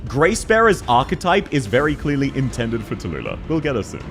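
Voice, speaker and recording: A man's voice: medium pitch, big pitch swings, a little fast, a bit bright, soft background music. A young man streaming a game, chatting casually with viewers, joking and swearing as he plays. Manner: joking, swearing, reacting to chat. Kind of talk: casual livestream chat while playing.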